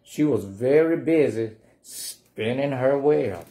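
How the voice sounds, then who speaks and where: A man's voice: medium pitch, lively intonation, slow, dark tone. A man reading a picture book aloud at a library storytime, playfully coaxing the children to say the refrain along with him.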